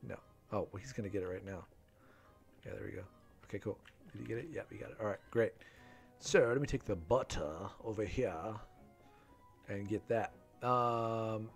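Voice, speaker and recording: A chatty man in his thirties hosts a live game stream, reading viewer names from the chat as he plays. His voice sits at an ordinary middle pitch. Faint music plays underneath.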